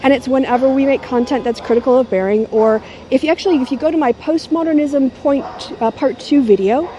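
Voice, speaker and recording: A middle-aged woman vlogs to a handheld camera held at arm's length, her delivery mocking and sardonic. Her voice sits a little high with a mellow, warm tone. Faint noise hums behind her. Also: a little fast. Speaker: YouTuber. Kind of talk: casual talking-head vlog.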